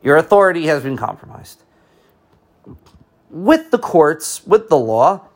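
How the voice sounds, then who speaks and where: A man's voice: on the high side, big pitch swings, unhurried, long pauses. Middle-aged american guy, teacher, ranting on his show, lots of ums and restarts, fired up. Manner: impassioned, rambling, frequent restarts and fillers. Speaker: teacher and podcast host. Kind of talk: casual opinion monologue.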